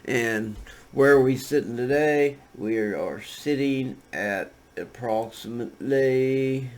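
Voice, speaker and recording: A man's voice: mid-range voice, slow pace. A man giving casual, rambling commentary on trading charts, laid-back and full of fillers and restarts. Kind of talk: casual screen-share commentary.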